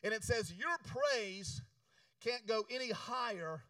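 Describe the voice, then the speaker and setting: A man preaching a sermon, urging the congregation to repeat after him and switching between loud exhortation and quiet storytelling. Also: high voice, lively intonation, takes it slowly, no room sound, far from the mic, rough recording. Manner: emphatic, call-and-response preaching. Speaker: pastor.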